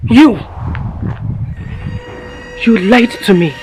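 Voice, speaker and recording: An actress playing Esther, a wronged young wife who swears an oath and later raves in madness, over film music. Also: female voice, fairly high pitch, expressive, very slow, a little mellow, slight background noise. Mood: raving. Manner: pleading then raving, agitated. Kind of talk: Nollywood drama acting.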